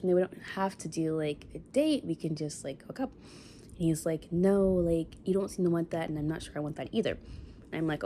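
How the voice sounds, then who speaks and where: A woman's voice: lowish voice, warm tone, a little hiss or hum. A young woman in her twenties telling a dating story in a casual vlog, rambling with lots of fillers and sniffling after crying. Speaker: vlogger.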